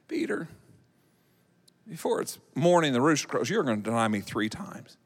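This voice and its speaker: Man doing a calm, knowing teacher, soft and quiet, echoey hall. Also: high-pitched, measured pace, full character voice. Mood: gentle warning. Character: calm, knowing male teacher, gently warning.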